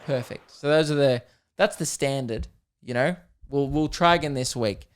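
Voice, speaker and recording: A man's voice: medium pitch, normal speed, heavy background noise. A young Australian man hosting a podcast in casual solo chat, rambling and jokey, swearing here and there. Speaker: podcast host.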